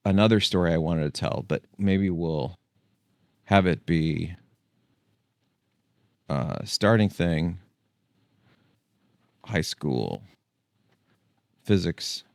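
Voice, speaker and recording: A man's voice: sits low, expressive, takes it slowly, vocal fry, pauses often, no echo, clean studio sound. A man hosting his own channel, talking casually and thinking aloud with frequent restarts. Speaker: tech channel host. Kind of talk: casual solo video talk.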